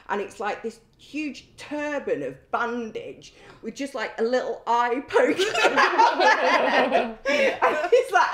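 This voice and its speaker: A woman's voice: on the high side, fairly bright tone. A middle-aged woman, a former prison governor telling anecdotes in conversation, blunt, swearing freely and laughing through her stories. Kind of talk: storytelling in conversation. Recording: roomy echo.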